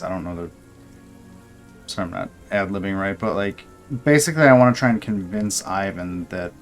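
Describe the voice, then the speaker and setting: A man playing in a tabletop game, talking casually in a hesitant, rambling way. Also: sits low. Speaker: player.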